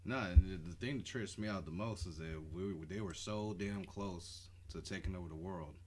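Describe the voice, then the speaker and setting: A man co-hosting a podcast, chatting casually and swearing freely, getting animated when riled up. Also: deep voice, normal speed, a little hiss or hum. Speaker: podcast co-host. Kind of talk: casual chat.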